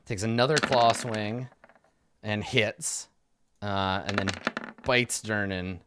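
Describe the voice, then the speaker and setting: A man's voice: lowish voice, slow pace, noisy background. A man narrating as game master in a tabletop game, describing the combat loosely with many fillers and restarts.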